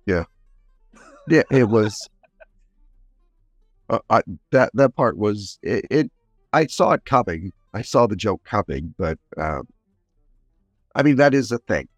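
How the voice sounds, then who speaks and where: A man's voice: fairly low pitch, expressive, slow pace, long pauses, no echo, faint music behind. A man co-hosting a film podcast in casual chat, speaking bluntly and critically. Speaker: podcast co-host.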